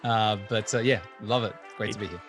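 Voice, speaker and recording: A man from Adelaide whose Australian accent has been mixed by twenty years in the UK, chatting as a guest on an interview podcast in a lively way and laughing easily. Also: fairly low pitch, brisk, over music. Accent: Australian, mixed after twenty years in the UK. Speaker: guest entrepreneur. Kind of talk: interview conversation.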